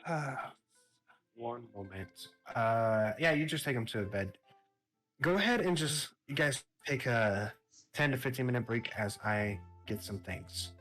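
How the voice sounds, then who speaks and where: Man, game master, casual narration, bright voice, faint music underneath. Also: medium pitch, lively intonation, measured pace.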